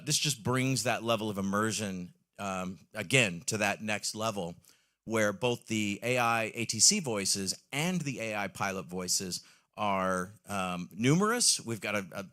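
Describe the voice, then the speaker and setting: A man's voice: fairly low pitch, sharp tone. A man giving an enthusiastic live product presentation on a trade-show stage, with frequent ums and questions to the audience.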